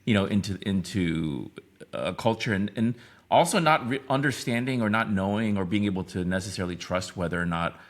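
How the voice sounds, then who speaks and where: A man's voice: fairly low pitch, expressive, fairly quick. A man in his fifties, a podcast guest, talking reflectively in a rambling way with many restarts. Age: 50s. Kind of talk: casual interview talk.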